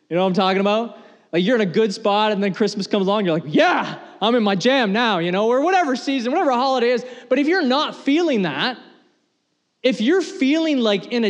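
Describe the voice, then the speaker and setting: A man preaching a sermon as pastor, earnest and conversational, repeating phrases as he builds his points. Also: high-pitched. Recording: long hall reverb.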